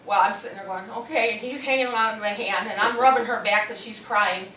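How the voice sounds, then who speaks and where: Middle-aged woman, animated storyteller, recorded from afar in a roomy hall. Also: medium pitch, fairly quick, slight background noise. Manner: animated, acts out quoted voices. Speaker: speaker at a hospital presentation. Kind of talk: storytelling to an audience. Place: hospital meeting room. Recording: echoey room, mic from a distance.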